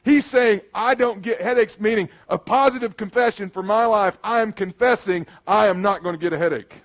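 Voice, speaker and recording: In a church room, a high-pitched pastor preaches at a fairly quick pace, shifting from loud outbursts to quiet, earnest stretches. He performs the voices of the people he quotes.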